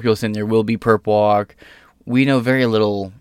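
Young man, host, casual news commentary, sarcastic profane asides, lowish voice, dry close sound. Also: fairly even intonation, a little fast, clean tone, dry recording.

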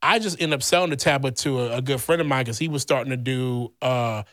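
A man's voice: medium pitch, a little fast, no echo, clean studio sound. Foul-mouthed, blunt man telling a story. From Louisiana. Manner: heavy swearing, blunt and animated; rambling with many fillers. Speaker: podcast host. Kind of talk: casual storytelling chat.

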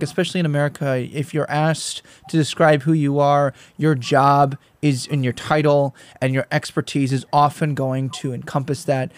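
A man's voice: a little high, dry recording. A young man from the US Midwest and South with a mild Midwestern accent, hosting a casual interview, chatty, laughing easily and leaning on fillers. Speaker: podcast host.

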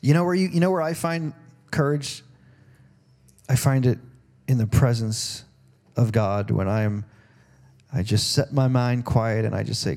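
A man's voice: medium pitch, measured pace, long pauses, a little mellow. A man preaching a sermon as pastor of a church in a conversational way. He asks the congregation questions and acts out voices in quoted dialogue. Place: church service.

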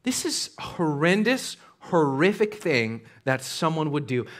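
Male pastor preaching, chatty and casual, voice a bit on the high side. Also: sing-song, measured pace, a bit bright. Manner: conversational preaching, casual slang. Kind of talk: sermon.

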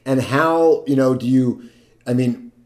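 A male interviewer with a mid-pitched voice asks his questions in a halting way. He often repeats words and starts over while he works out the question. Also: darkish tone.

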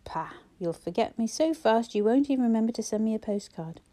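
A gruff, sardonic old man from a storybook, grumbling through dry sarcasm and softening now and then, as a woman narrator puts him on. The voice sits dark and mellow. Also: a little high, expressive, brisk, close to an everyday voice. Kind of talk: audiobook character voice.

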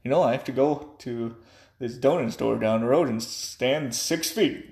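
A man's voice: medium pitch, unhurried, gravelly, a little mellow. A young man ranting angrily and profanely in a monologue. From United States. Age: young adult. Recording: echoey room.

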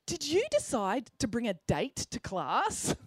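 A woman reading aloud plays a pompous science teacher who snaps and shouts in a shrill, swooping voice. He is forever indignant at his pupils, and the recording is close and dry. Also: huge pitch swings, a little slow, husky, dry recording, exaggerated voice.

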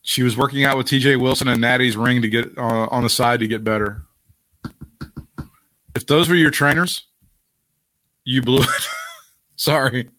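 Bright-voiced crude podcast host. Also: male voice, medium pitch, moderate pace, pauses often, dry recording, studio quality. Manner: crude, laughs often, animated. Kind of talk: casual crude chat.

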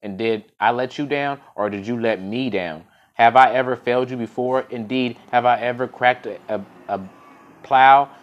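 A man voicing a gentle, loyal and patient talking ox in a folk tale. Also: mid-range voice, moderate pace, dull audio, lightly acted.

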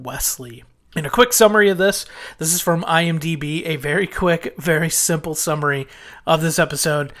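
Male reviewer with a slightly raised pitch, casual chatty recap delivery with restarts. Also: fairly bright tone. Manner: chatty, retelling scenes with quoted lines and small restarts. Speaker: sitcom episode reviewer.

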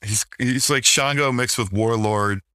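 A man's voice: mid-range voice, a little slow, bright, forceful tone, no room sound. A man co-hosting a casual podcast, joking sarcastically about old wrestling shows and laughing often. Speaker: podcast co-host.

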